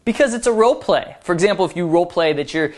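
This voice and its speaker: A man's voice: high voice, lively intonation, fast. A man giving dating advice as a coach, explaining in a playful, upbeat way. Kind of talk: instructional talk to camera.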